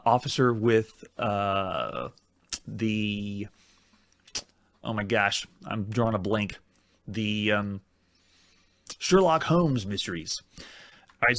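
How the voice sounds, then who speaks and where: A man hosting a retro game let's-play, chatty and self-mocking as he thinks aloud while typing commands. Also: medium pitch. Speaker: host.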